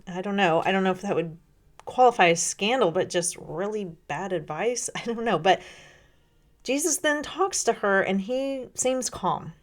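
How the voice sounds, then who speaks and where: A woman's voice: medium pitch, lively intonation, moderate pace. A woman hosting a devotional podcast, reading a spiritual diary aloud and then reflecting on it in an earnest, thoughtful way, wondering aloud. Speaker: podcast host.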